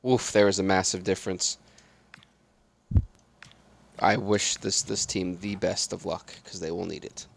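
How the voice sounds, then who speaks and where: A man's voice: sits low, unhurried, gravelly, long pauses. A man giving casual play-by-play of a football video game, flaring up at big plays and muttering side remarks. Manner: excitable play-by-play that drops to mumbled asides. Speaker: gaming channel host. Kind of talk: solo video game commentary.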